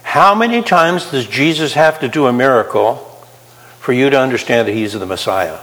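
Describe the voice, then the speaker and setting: A man's voice: mid-range voice, expressive, moderate pace, a bit bright. A man preaching a sermon, talking conversationally and putting questions to his listeners. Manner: conversational, asks the audience questions. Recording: reverberant hall.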